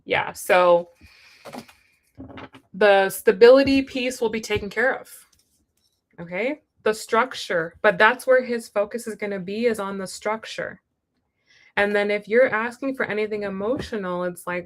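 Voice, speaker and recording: A woman's voice: medium pitch, measured pace. A young woman giving a live tarot reading, talking frankly and chatting straight to the viewer, often acting out what people might say. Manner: chatty, frank, acts out quoted voices. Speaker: tarot reader.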